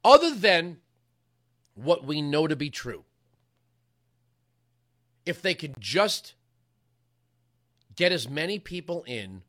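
A man hosting a talk program delivers a heated political monologue. His voice sits high and sounds bright and forceful, and his emphatic delivery climbs into yelling. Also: very animated, slow pace, pauses often. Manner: impassioned, emphatic, rises to yelling. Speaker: talk show host.

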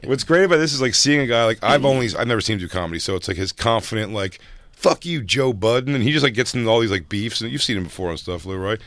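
A man's voice: medium pitch, expressive, fast talker, fairly bright tone, no echo. A man co-hosting a podcast, chatting loosely and joking while reacting to video clips. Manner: laid-back, loose and joking, full of fillers. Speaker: podcast co-host. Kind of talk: casual chat reacting to clips.

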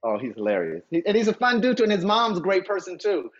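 A man's voice: high-pitched, fast talker. A middle-aged man, an actor, talking casually as a guest and acting out quoted voices with easy laughter. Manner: animated, acts out quoted voices, laughs easily. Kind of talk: casual interview talk. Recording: muffled, dull lo-fi audio.

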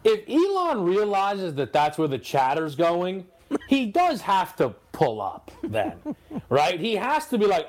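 A man's voice: high-pitched, huge pitch swings, measured pace. A man co-hosting a sports talk show, riffing casually and playing out imagined quotes. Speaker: sports radio co-host.

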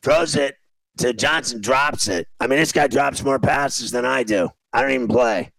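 A man's voice: medium pitch, moderate pace, creaky, a bit bright, no echo, poor audio. A man hosting a sports talk show, ranting in exasperation about a game as he watches it and repeating himself. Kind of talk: casual sports radio chat while watching a game.

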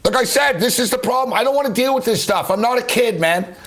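Angry high-voiced sports radio host. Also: male voice, fast, fairly bright tone. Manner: angry, sarcastic ranting. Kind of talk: late-night sports talk radio rant.

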